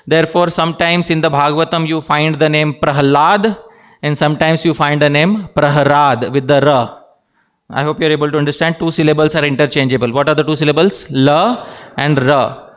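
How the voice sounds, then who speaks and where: Fairly high male lecturer quizzing his audience. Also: a bit bright. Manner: engages audience with questions, repeats "dear devotees"; laughs between points. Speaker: speaker giving a scripture class. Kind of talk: devotional class lecture.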